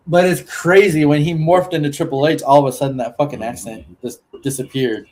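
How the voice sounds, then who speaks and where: A man's voice: on the high side, steady tone, normal speed, a little mellow. A man hosting a casual podcast chat, rambling and swearing freely, often laughing. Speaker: podcast host.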